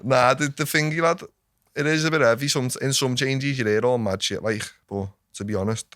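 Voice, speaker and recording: A young man, a podcast guest chatting in a relaxed way, swearing and saying "lad" and "innit". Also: mid-range voice, fairly quick, no room sound. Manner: laid-back, swears, says "lad" and "innit". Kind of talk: casual chat.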